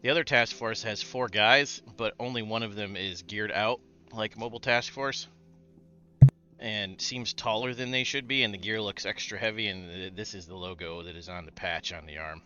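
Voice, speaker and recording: A man's voice: on the low side, moderate pace, pushed and bright, dull audio. A man narrating a tabletop game as game master, describing scenes in an easygoing way with fillers.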